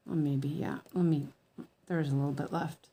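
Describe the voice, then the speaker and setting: A woman's voice: low-pitched, steady tone, normal speed, mellow, slight background noise. A woman chatting casually while she cross-stitches on a livestream, rambling with fillers and restarts and a slight lisp. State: slightly lispy from medicine.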